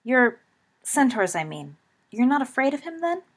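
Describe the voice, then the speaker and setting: A woman voicing a loyal, joking teenage schoolboy with a lively, teasing way of talking and a husky voice. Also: sits high, normal speed, voice pushed up, full character voice. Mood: playful.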